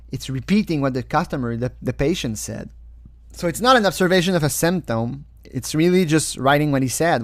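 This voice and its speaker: Non-native english guy doing sarcastic commentary, laughs a lot, slightly high voice, dry sound. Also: no echo. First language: not English. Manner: sarcastic, mocking, laughs often. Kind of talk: casual commentary.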